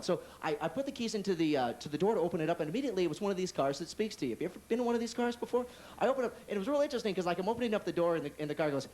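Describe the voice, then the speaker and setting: A man doing stand-up comedy in a club, telling a story in quick, animated bursts and jumping between voices. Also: sits high. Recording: 1980s TV comedy club recording with faint noise.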